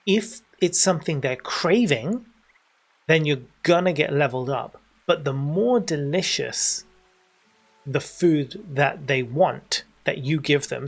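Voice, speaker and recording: A man's voice: a little high, gravelly. A man from Britain streaming a video game, chatting with his viewers and explaining the game step by step. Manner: chatty, explains as he goes, talks to chat. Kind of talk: livestream game tutorial commentary.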